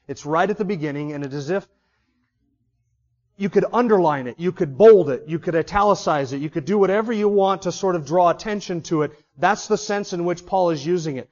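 High-voiced man preaching a sermon. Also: a little fast, a little mellow, dull audio. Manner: rhetorical questions, emphatic teaching. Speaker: pastor. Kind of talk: expository sermon.

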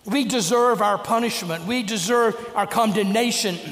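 A man delivers a sermon in an earnest, emphatic manner. His voice sits high for a man. The sound rings with the long reverb of a church sanctuary. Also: moderate pace, fairly bright tone. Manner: earnest, emphatic preaching with dramatic acted quotes. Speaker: pastor.

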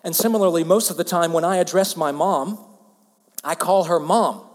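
A man in his thirties from Alabama with a Southern US accent, preaching a sermon earnestly and dropping to hushed softness for emphasis. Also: on the high side, moderate pace, big-room sound. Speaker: pastor.

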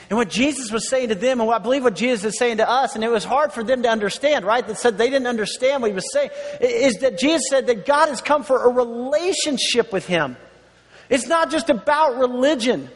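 A male pastor preaching a conversational sermon, repeating key words for emphasis and chuckling often. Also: sits high. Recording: long reverb of a large hall.

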